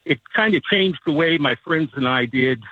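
Husky-voiced man calling in on a phone line. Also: on the high side, expressive, normal speed, dry recording. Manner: easygoing storytelling with fillers. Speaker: caller. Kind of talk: telling a story on call-in radio.

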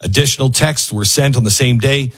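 A man delivers opinionated commentary on the news in a husky, slightly breathy voice. His tone is sarcastic, and he slips in and out of the voices of the people he talks about. His pitch sits in the middle range for a man. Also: brisk. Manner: sarcastic, acts out quoted people.

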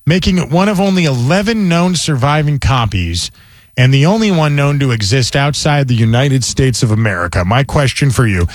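A male radio host tells stories and reads news items in an animated, casual way. His voice swings up and down in pitch, and the studio sound is close and dry. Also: normal speed, no room sound. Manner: animated storyteller with mock news reading. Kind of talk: casual talk radio banter.

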